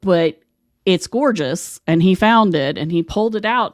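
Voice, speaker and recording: A woman's voice: lowish voice, a little slow, dry recording, clean studio sound. A woman from West Virginia hosting a podcast, telling stories in a chatty, rambling way. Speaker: podcast host. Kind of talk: casual conversation.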